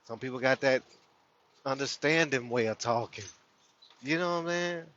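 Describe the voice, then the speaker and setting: A man of medium pitch, speaking at normal speed in a slightly bright voice, hosts a spiritual community livestream. He chats loosely with viewers about spiritual matters and laughs often. The sound is dull and lo-fi with a little hiss or hum.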